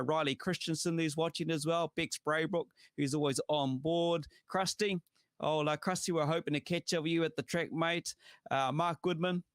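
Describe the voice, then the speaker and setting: A man with a New Zealand accent hosting a casual talk show, relaxed and chatty, with lots of "uh" and "you know". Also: fairly high pitch, dry recording, clean studio sound. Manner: chatty, relaxed, thanks viewers by name, heavy on fillers. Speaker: show host. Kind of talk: casual podcast chat.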